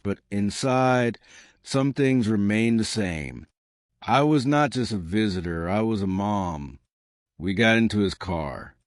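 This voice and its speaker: Man, storybook narrator, lowish voice, slow and measured, dry close recording. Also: no room sound. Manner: plain short sentences, measured. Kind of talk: scripted storybook narration for English learners.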